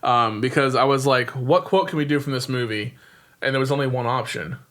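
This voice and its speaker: Man, podcast host, casual chat, relaxed delivery. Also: mid-range voice, a little fast. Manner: laid-back, laughing, sighs.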